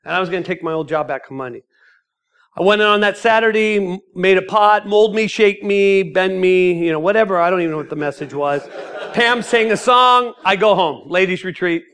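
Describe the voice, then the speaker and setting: High-voiced man telling his testimony. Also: a little fast, clean tone. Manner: animated, acts out the people in his story. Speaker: ministry founder giving his testimony. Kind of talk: storytelling testimony.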